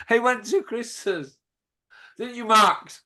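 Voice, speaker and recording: A man's voice: very high voice, extremely slow, bright, forceful tone. A man, hosting a casual chat and telling rambling, laughing anecdotes with plenty of swearing. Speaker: podcast host.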